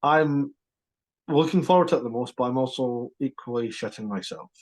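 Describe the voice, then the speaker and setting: A man co-hosting a podcast, chatting about sport in an animated, emphatic way with quick restarts. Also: mid-range voice. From Scotland. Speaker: podcast co-host. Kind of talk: casual sports chat.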